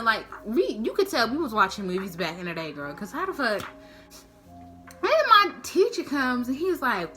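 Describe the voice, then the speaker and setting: A woman's voice: on the high side, moderate pace, over loud music. A woman telling a casual, slangy, profane story to camera, acting out the people in it. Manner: slangy, profane, animated, acts out quotes. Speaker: storytime vlogger.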